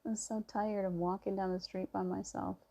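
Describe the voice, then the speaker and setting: Soft-spoken, mellow woman reassuring viewers. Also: medium pitch, level tone, a little fast. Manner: soft-spoken, reassuring, storytelling with gentle emphasis. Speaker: spiritual vlogger. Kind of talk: casual spiritual monologue.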